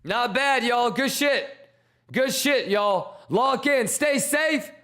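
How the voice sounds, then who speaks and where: A man hosting a casual crypto trading livestream, reading out chat names with loose, slangy, hyped shout-outs. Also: very high voice, slow pace.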